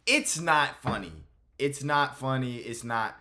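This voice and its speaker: A man's voice: medium pitch, slow pace, pushed and bright. A man hosting casual reaction commentary, blunt and exasperated, cursing freely. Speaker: MMA commentary host.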